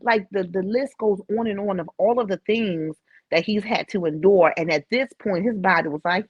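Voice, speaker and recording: A middle-aged woman tells a personal story, emotional and animated, now and then laughing through it. Her voice sits at a middle pitch. The recording is dry and a little dull. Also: normal speed, breathy edge, no room sound. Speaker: podcast guest.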